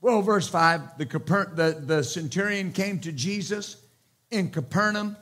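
A man with a notably high voice preaches a sermon from the pulpit. He drives his points home through repetition and sudden loud exclamations, with a firm, emphatic delivery. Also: unhurried. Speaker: pastor.

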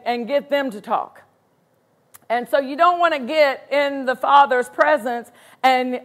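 A woman pastor delivers a sermon in a bright, high voice. She speaks with emphasis, drawing out the scripture quotes slowly. Now and then she bursts into animated excitement.

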